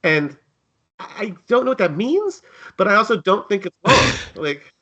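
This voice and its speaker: A man's voice: sits high, very animated, moderate pace, sharp tone, muffled recording. A man co-hosting a sports podcast, joking around and trailing off with short asides. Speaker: podcast co-host. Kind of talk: casual sports chat.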